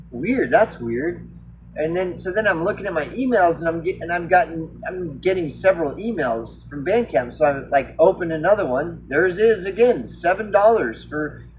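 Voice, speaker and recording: A man telling a story in a casual monologue, swearing a lot and talking in animated bursts full of fillers and restarts. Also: high-pitched, slight background noise, poor audio. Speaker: musician.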